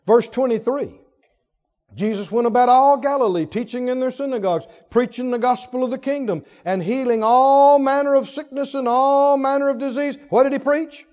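A man's voice: very high voice, normal speed, darkish tone, in a large hall. A man preaching a sermon, emphatic and laughing often as he asks the congregation questions. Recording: dull lo-fi recording.

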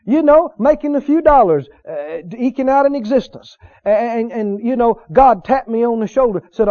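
High-pitched fervent preacher. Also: male voice, lively intonation, normal speed, muffled recording. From Mississippi. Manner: fervent, repetitive, rising to shouts of praise. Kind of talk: sermon.

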